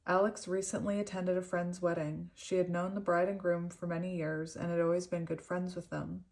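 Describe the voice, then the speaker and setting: A young woman doing a tarot reading, reading card meanings and a story aloud in an earnest, gentle way. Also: on the low side, flat delivery, moderate pace. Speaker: tarot reader.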